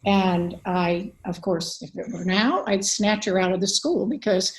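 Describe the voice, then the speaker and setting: A woman's voice: mid-range voice, a little slow, poor audio. Older woman guest, advocate and author; earnest, candid storyteller, fillers throughout. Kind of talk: conversational interview storytelling.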